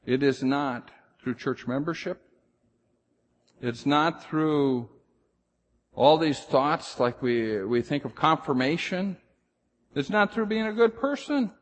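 A man preaches with a somewhat high, husky voice, surging louder on the phrases he stresses and sinking low and slow to press a point. His words ring out with the long reverb of a large hall. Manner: emphatic preaching, rising loud on key phrases, drops low to slow down. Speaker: pastor. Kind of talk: sermon.

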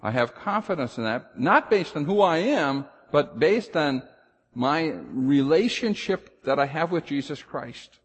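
A pastor preaching a sermon with emphasis, rising loud on key phrases and dropping low and slow to drive points home. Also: male voice, animated, husky, in a large hall.

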